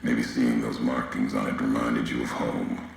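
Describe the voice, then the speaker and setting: Grim gravelly wanderer. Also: male voice, little pitch movement, very echoey, a little hiss or hum, full character voice. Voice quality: deep gravelly voice. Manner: slow, solemn, fragmented delivery. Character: grim weathered male wanderer, brooding and accusing. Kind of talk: video game dialogue.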